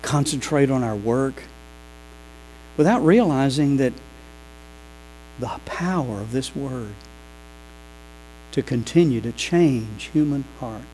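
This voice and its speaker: A pastor preaching a sermon, telling lively stories and acting out the people in them. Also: male voice, mid-range voice, takes it slowly, long pauses, a little hiss or hum, low-quality recording. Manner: animated, acts out quoted voices. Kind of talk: sermon with storytelling.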